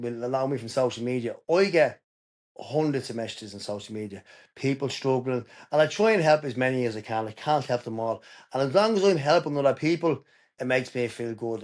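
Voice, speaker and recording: A man's voice: mid-range voice, darkish tone. Irish guy on a podcast, earnest and emphatic, just telling his story straight. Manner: earnest, emphatic, tells stories openly. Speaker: podcast guest. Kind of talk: candid personal storytelling.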